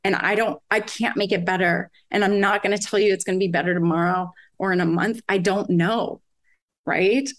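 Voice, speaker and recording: Woman, 40s, podcast guest; candid, lively, laughs easily, mid-pitched voice. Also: normal speed. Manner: candid, animated, laughs often, quotes herself and her kids. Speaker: guest, parent of several children. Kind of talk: conversational podcast interview.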